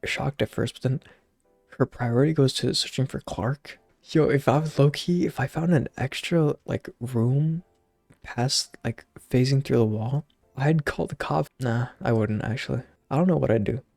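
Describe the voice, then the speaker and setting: A man's voice: mid-range voice, moderate pace, vocal fry, a little mellow, no echo, soft background music. A young man casually recapping a movie, rambling with lots of slang and fillers. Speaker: channel host.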